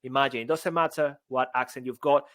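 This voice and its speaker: A man co-hosting a podcast as a public speaking coach, talking in a playful, casual way with sudden excited outbursts. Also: medium pitch, fairly quick, no echo, clean studio sound. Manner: playful, bursts into excited shouts.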